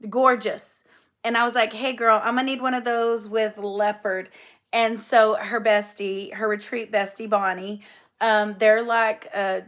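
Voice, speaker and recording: A woman hosting a cross-stitch video, chatting casually and gushing enthusiastically over gifts she shows. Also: medium pitch. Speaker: flosstube host. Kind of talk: casual show-and-tell chat.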